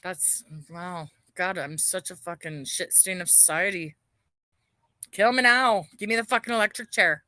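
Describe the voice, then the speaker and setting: A woman's voice: lowish voice, normal speed, hardly any pauses, pushed and bright, dry recording. A woman ranting bitterly on a livestream, swearing heavily and airing her grievances. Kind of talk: angry livestream rant.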